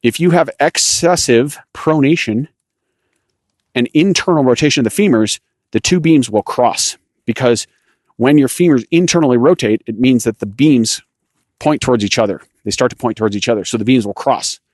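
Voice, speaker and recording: While walking a rocky outdoor trail, a man gives an instructional monologue for his cycling coaching podcast, explaining technique loosely and revising himself along the way. His voice sits at medium pitch with a moderate pace, and there's no room sound.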